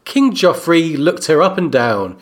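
A man co-hosting a book discussion podcast, narrating and analyzing in a steady way. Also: fairly high pitch, measured pace. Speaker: co-host.

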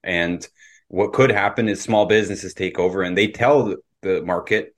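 A man's voice: low voice, moderate pace. A man from Canada hosting a casual podcast discussion, opinionated and lecturing in tone. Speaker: podcast host.

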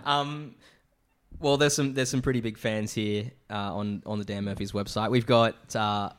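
A man's voice: lowish voice, steady tone, moderate pace, clear, resonant tone. A man co-hosting a casual podcast chat, reading reviews aloud and laughing along. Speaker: podcast co-host.

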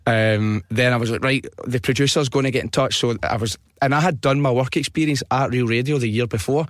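A young Scottish man hosting a podcast, telling a prank story in lively casual chat, swearing freely and laughing along. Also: medium pitch, fairly quick, dry recording, studio quality. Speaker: podcast host.

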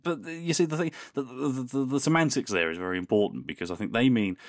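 A man's voice: medium pitch, quick pace, no echo, clean studio sound. A man co-hosting a podcast in casual chat, reading listener emails aloud with playful, wry asides and frequent laughter. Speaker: podcast co-host.

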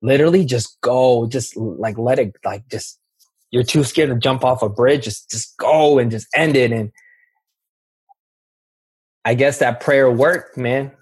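A man's voice: medium pitch, measured pace, darkish tone, slightly rough. A man sharing his personal recovery story in candid, emphatic talk. He often says "bro" and restarts his sentences.

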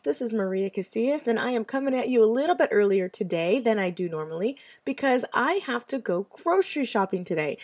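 A woman hosting her own podcast, hoarse and stuffy from allergies, talking in a chatty, confiding, self-deprecating way. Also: medium pitch. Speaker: podcast host. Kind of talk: casual solo podcast talk. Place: home in the US Southwest.

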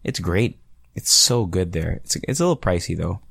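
Male podcast host, 30s, chatty rambler, gravelly voice, dry close recording. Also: low voice, lively intonation, moderate pace, a bit bright, dry recording. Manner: rambling, chatty, swears freely. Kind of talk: casual solo podcast chat.

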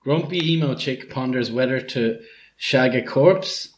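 Chill guy on a podcast, short answers, laughs a lot, middle pitch. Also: unhurried. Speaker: podcast co-host. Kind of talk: casual chat.

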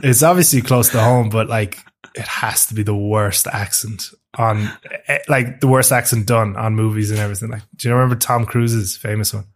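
A man's voice: on the low side, steady tone, moderate pace. A man hosting a casual podcast, asking easygoing questions. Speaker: podcast host. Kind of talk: casual chat.

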